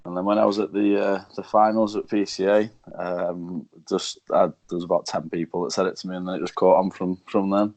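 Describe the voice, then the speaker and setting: Male guest on a video call, low voice, laid-back and halting. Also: little pitch movement, a little mellow. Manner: laid-back, hesitant with fillers. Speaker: podcast guest. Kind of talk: casual chat.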